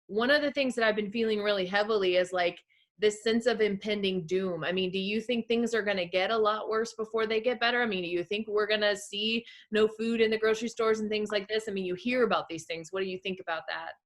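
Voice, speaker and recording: A woman guest talking reflectively on a video call, pausing and searching for words with many fillers. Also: medium pitch. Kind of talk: casual conversation.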